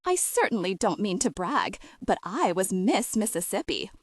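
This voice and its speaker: A pretty, bashful mourning dove with a sweet Southern US accent, put on by a woman narrator. Her voice lilts lively and sits close and dry on the mic. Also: mid-range voice, moderate pace, breathy edge, dry recording. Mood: shy. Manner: shy, sweet. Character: pretty shy female mourning dove, former beauty queen.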